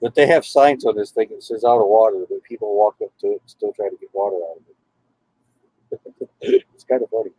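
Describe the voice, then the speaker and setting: A man's voice: fairly low pitch, brisk, warm tone, breathy edge, no room sound, rough recording. A man on a casual live stream from his RV in a parking lot, greeting viewers by name and talking to his dogs. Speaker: RV travel vlogger.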